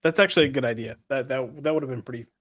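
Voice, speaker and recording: A man's voice: mid-range voice, very fast, fairly bright tone. A man co-hosting a casual panel podcast, hesitant and stammering on his first words. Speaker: podcast co-host.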